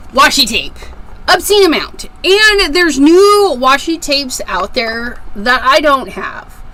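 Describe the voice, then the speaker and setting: A woman's voice: high-pitched, fairly bright tone, low-quality recording. A woman hosting a casual craft livestream from her craft room, chatting and greeting viewers by name as she works. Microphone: desk microphone with a level meter.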